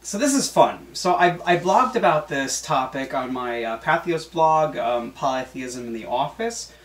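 Man, substitute host, casual chatty talk, halting with fillers, roomy echo, a bit off-mic. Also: on the high side, animated. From Greek heritage. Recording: echoey room, mic at a distance.

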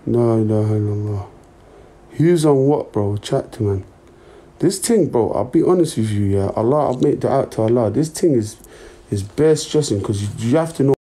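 A man's voice: mid-range voice, expressive, moderate pace, dark tone, slightly rough. A young man chatting casually and in to his livestream viewers on a phone mic. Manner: laid-back, slangy, talks to his chat.

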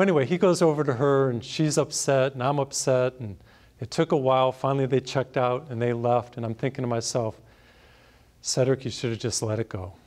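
A man's voice: medium pitch, a little mellow. A man, a priest, preaching a sermon through a personal anecdote, storytelling animatedly and laughing at himself.

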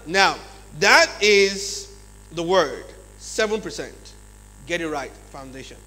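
A man with a Nigerian English accent giving a lively leadership seminar talk in a large church hall, often checking in with his audience. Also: fairly high pitch, slow. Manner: acts out examples in changed voices. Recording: long hall reverb, faint mains hum.

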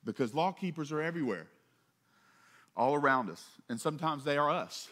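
Man preaching a conversational sermon. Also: expressive. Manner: conversational preaching with asides and quick jokes; rises in pitch and volume for emphasis, drops low and soft on closing points. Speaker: pastor.

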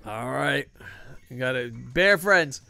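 Gravelly excitable male game streamer. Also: medium pitch, slow, faint music behind. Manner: excitable, swearing, joking with chat. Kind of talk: live game streaming commentary.

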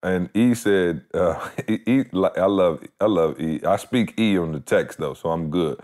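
A man's voice: deep voice, unhurried, a little mellow. A man co-hosting a podcast, joking around and telling stories in a laid-back way. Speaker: podcast co-host. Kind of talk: casual podcast chat.

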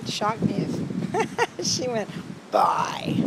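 Gravelly lady baby-talking her dog out in the yard, swoopy lively voice, slow, bit of wind. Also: a little high. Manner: sing-song baby talk to a pet. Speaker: dog owner filming her dog. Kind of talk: casual chat to her dog on camera. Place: outdoors in a windy backyard. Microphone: handheld camera.

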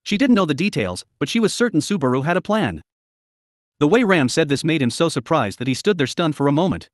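A man narrating a novel as an audiobook in an expressive storytelling manner. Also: on the high side, a little fast, dry recording, studio quality.

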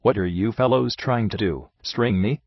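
A man voicing a cheery young man of the house who talks in a breezy, slangy way, with a husky voice. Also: on the low side, normal speed, no room sound, muffled recording. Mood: annoyed. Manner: breezy, slangy, then huffy. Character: cheery young host, easily annoyed.

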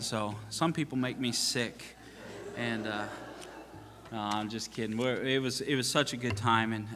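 Pastor guy joking about losing at cornhole, uh-filled, bright sharp voice, big church echo. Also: medium pitch, a little hiss or hum. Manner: joking, self-mocking, many fillers and restarts. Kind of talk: storytelling from the pulpit. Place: church sanctuary. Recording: long church reverb.

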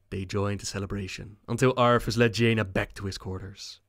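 A man narrating video game lore in a measured, calm storytelling manner. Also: on the low side, no echo, studio quality.

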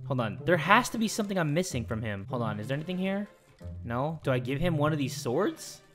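A young man commentating a video game, excitable, joking and swearing. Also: a little high, a little fast, faint music behind. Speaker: gaming channel host. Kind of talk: let's-play commentary.

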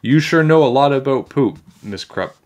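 A man's voice: medium pitch, expressive, moderate pace, a little mellow, pitched above the performer's own voice, natural voice. A man voicing a frantic little girl who screams in panic. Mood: excited. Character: shrieking panicky schoolgirl.

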